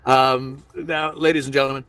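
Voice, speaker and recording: A man's voice: medium pitch, little pitch movement, moderate pace, fairly bright tone, clean tone, no echo, distant mic. A man doing a playful, rambling stand-up set streamed online. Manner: rambling, self-interrupting, playful. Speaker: stand-up comedian.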